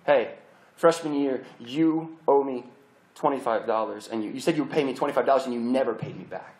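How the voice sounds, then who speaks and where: A man's voice: medium pitch, brisk, a little mellow, pitched below the performer's own voice, close to an everyday voice. A man voicing a frantic young male student in debt, stammering and urgent, in a sermon recorded in a roomy hall. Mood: demanding.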